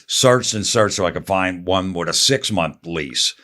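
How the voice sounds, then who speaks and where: Blunt, low-voiced guy. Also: a little slow. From New Jersey. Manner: blunt, profane, deadpan storytelling. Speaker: guest comedian. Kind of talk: storytelling on a podcast.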